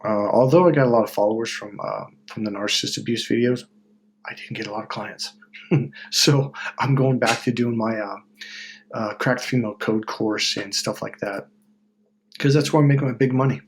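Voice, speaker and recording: A middle-aged man hosting a self-help video in a casual, blunt monologue, swearing freely and breaking into loud mocking voices when he quotes people. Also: mid-range voice, moderate pace, a little hiss or hum.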